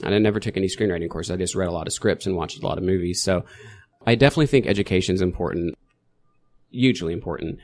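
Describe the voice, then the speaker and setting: A middle-aged man chatting as a podcast guest, rambling and correcting himself as he tells stories with lively energy. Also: deep voice, quick pace. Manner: rambling, self-correcting, animated storytelling. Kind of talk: casual interview chat.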